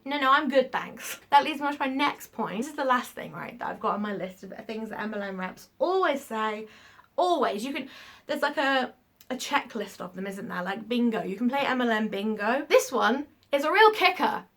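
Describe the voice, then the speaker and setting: Bright-voiced woman ranting. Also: a little high, lively intonation, moderate pace. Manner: frank, emphatic, ranting, swears when heated. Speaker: YouTuber. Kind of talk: casual vlog rant.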